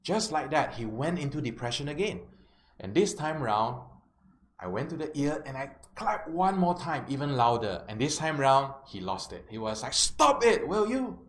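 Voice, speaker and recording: A man's voice: medium pitch, animated, normal speed. A man, a life coach telling a client story as a self-help lesson, often checking in with his listeners. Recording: roomy with faint background noise.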